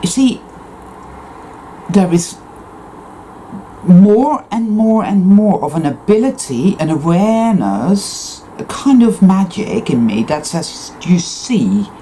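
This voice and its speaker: A woman talks in an intense, emphatic monologue that swears freely. Her pitch swings widely, and her tone stays mellow and warm. Faint noise sits behind her. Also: sing-song, slow pace, pauses often, rough recording. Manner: emphatic, intense and profane self-affirmation. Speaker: spiritual vlogger. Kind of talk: unscripted personal monologue.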